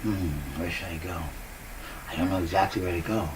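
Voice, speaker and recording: A man's voice: sits low, steady tone, brisk, recorded from a distance, background noise. A man talking to his viewers in a casual rambling monologue, upbeat and giggly, laughing often, on a new cheap microphone. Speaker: vlogger. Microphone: new cheap desk microphone.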